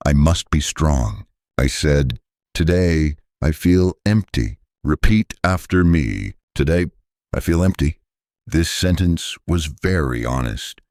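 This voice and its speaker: A man gently narrating a slow graded-reader English lesson, calm and deliberate, pausing for repeat-after-me drills. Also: rumbling low, no room sound, studio quality. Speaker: English teacher.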